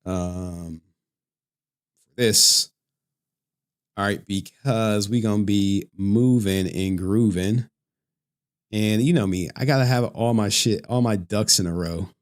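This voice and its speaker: A man's voice: fairly low pitch, slow pace, long pauses. A man hosting a livestream, chatting casually with plenty of profanity and frequent laughter. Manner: joking, profane, laughs often. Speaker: livestream host.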